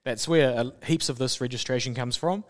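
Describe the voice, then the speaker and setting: A man explains things calmly on a casual podcast. His voice sits at an ordinary middle pitch. His manner is relaxed and knowing, and he drops in the occasional swear word. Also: fairly quick. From New Zealand. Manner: explanatory, laid-back, sweary. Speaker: podcast co-host.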